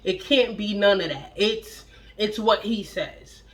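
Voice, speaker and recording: A young adult woman telling a blunt, profane storytime about a relationship, with animated, acted-out quotes. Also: mid-range voice, takes it slowly. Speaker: storytime vlogger. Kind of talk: casual storytime monologue.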